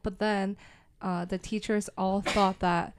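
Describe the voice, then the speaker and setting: A woman's voice: mid-range voice, level tone, takes it slowly, background noise. A young woman chatting casually, thoughtful and reflective, with lots of filler words. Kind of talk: casual chat.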